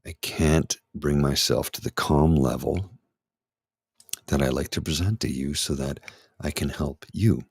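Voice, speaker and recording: A middle-aged man talking candidly and haltingly through an anxiety attack, his voice trembling as he restarts his sentences. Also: rumbling low, creaky, slightly rough, no echo, clean studio sound. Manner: halting, restarts, anxious and shaky. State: anxious, trembling voice. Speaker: ASMR channel host. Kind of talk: candid personal talk.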